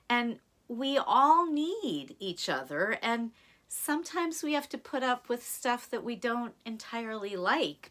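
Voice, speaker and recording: A woman from the United States telling a folktale to children, chatting to her young listeners between scenes. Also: a little high. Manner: warm chatty asides to the listeners. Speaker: storyteller. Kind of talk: storytelling to children with music.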